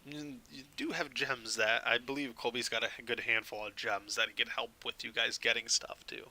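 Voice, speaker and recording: A man's voice: medium pitch, steady tone, moderate pace, sharp tone, low-quality recording. A man running a tabletop game as game master, narrating loosely with many fillers.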